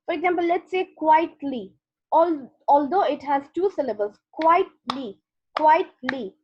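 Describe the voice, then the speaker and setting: A woman's voice: high voice, lively intonation, normal speed, highs cut off, slight background noise. A woman teacher giving an online grammar lesson, explaining patiently step by step and checking in with "okay".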